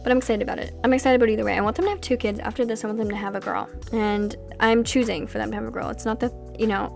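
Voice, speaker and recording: Young woman, casual gameplay voice-over, slightly high, rambling and animated, faint music under. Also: very fast, creaky, few pauses. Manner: chatty, rambling, animated asides. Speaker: Sims gameplay creator.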